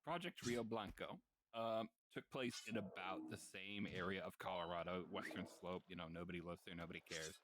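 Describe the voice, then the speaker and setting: A man's voice: sits low, little pitch movement, a little fast, few pauses, fairly bright tone. A man in casual chat with friends, explaining facts in an easy, offhand way. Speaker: co-host presenting a topic. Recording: noisy recording with clicking.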